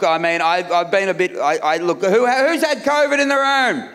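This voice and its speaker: A middle-aged Australian man doing a loud, brash stand-up comedy set on a festival stage, laughing at his own jokes. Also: sits high, moderate pace, hardly any pauses, a faint crowd. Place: comedy festival stage before a live crowd. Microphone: stage microphone.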